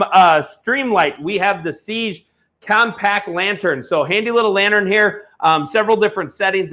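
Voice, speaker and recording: A man's voice: high voice, fairly bright tone. A man hosting an online auction stream, talking in a blunt, heated, salesy way. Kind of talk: live-stream product pitch with ranting.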